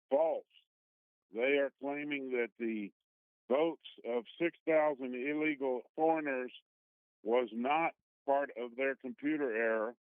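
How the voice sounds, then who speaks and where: A man calling in to a radio talk show, speaking haltingly over the telephone. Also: medium pitch, clear, resonant tone, dry recording. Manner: halting, with many fillers and restarts. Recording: tinny phone line.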